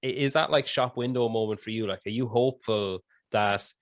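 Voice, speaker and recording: A man's voice: mid-range voice, a little fast, no room sound. A man hosting a casual podcast, asking long, laid-back, rambling questions. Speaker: podcast host.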